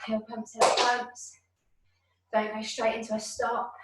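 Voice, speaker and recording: A woman's voice: on the high side, completely flat delivery, measured pace, very noisy. A woman leading an online exercise class from home over a video call, encouraging and counting out reps, at times out of breath. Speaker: fitness instructor. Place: room at home. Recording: very echoey room, voice from far off.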